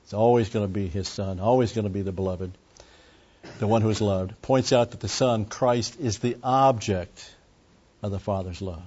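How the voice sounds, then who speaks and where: A man's voice: lowish voice, normal speed, mellow, husky, muffled recording. A man preaching an expository sermon in a conversational way, with frequent asides and restarts. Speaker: pastor.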